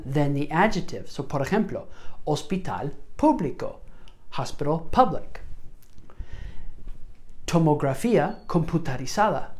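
A woman's voice: sits low, darkish tone. A woman teaching medical Spanish word order, mixing Spanish words into her English and often checking in with "okay?".

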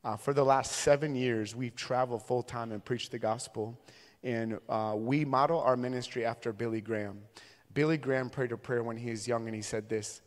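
A man's voice: mid-range voice, fairly even intonation, normal speed. A man in his thirties from Minnesota, a traveling evangelist preaching a sermon with humorous, conversational storytelling. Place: large church sanctuary. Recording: long reverb from a large church hall.

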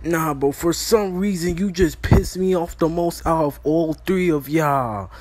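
With music underneath, a slightly high male voice speaks a little slowly. He's a young roast creator recording on a phone mic, firing off exasperated, brash, profanity-laden comedy and tossing "bro" at everyone.

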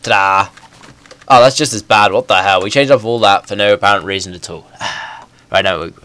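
A young man with a cold, rambling and excitable as he comments on his own gameplay. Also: lowish voice, brisk. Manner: excitable, rambling, self-correcting. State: stuffy with a bad cold. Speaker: gaming YouTuber. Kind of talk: casual game commentary.

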